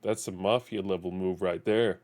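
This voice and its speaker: A man's voice: deep voice, steady tone, normal speed, darkish tone, natural voice. A man voicing a menacing male gangster extorting a chef in a video game, with a sneering, taunting delivery.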